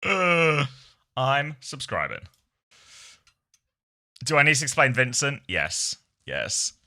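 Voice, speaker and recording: Middle-aged man, streamer, very bright and crisp tone, playful, laughs a lot. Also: mid-range voice, huge pitch swings, slow. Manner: playful, laughs often, chatty with viewers. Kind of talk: casual live-stream chat.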